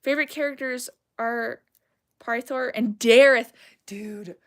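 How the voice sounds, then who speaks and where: A young Southern American woman rambles and giggles through a casual livestream, answering her chat with self-deprecating humor. Her voice is mid-range and expressive, unhurried, with some vocal fry.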